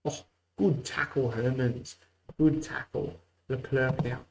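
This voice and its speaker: A man's voice: mid-range voice, fairly even intonation, slow pace, slight background noise, poor audio. Man giving casual game commentary. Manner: mock play-by-play, muttered asides. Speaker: host.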